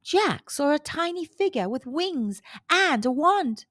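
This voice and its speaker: A woman storyteller reading a children's storybook aloud with a slow, expressive delivery. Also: on the high side, no room sound, clean studio sound.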